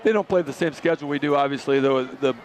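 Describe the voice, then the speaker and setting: A man giving chatty, upbeat color commentary on a local high school football game. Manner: quick, chatty, upbeat analysis. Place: outdoor football stadium broadcast booth.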